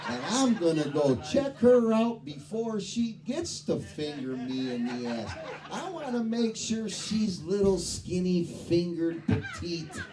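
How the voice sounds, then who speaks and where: A man's voice: high voice, wildly swooping pitch, takes it slowly. A man in his fifties doing a crude, profane stand-up routine on a club stage. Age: 50s. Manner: profane, rowdy storytelling. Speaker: stand-up comedian. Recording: distant mic, noisy club. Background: audience laughter.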